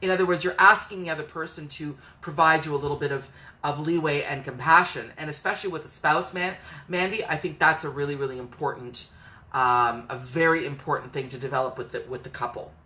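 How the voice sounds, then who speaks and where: A woman with a low voice but a bright, forceful tone, hosting a live advice stream. She speaks earnestly and encouragingly, and greets viewers by name as she answers them. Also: a little fast. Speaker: host and coach.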